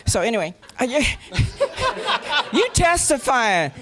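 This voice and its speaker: An older woman, a panel guest, telling a comic story and slipping into gruff male voices for the quotes. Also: sits high, huge pitch swings, slow pace, a crowd in the background. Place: convention panel room.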